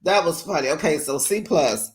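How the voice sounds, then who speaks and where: Addressing the audience as "besties," this host goes over a reality TV episode at a normal speed in a chatty recap. The pitch is middling, rising playfully on reactions, with every opinion delivered frankly and in a friendly way.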